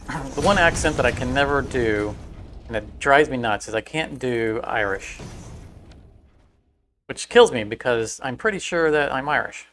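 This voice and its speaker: A man's voice: medium pitch, expressive, a little slow, pauses often, fairly bright tone, a little hiss or hum. A man streaming a building game, chatting casually and telling rambling stories with many restarts. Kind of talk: casual livestream chat.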